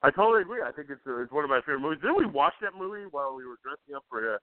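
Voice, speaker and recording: A man co-hosting a casual radio show, lively and quick to laugh. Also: fairly high pitch, dry recording. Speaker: radio co-host. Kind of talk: casual banter. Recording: dry tinny phone-like sound.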